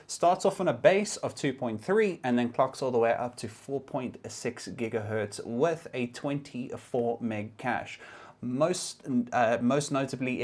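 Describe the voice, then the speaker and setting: A young man giving a casual, explanatory tech review, occasionally restarting his sentences. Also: mid-range voice.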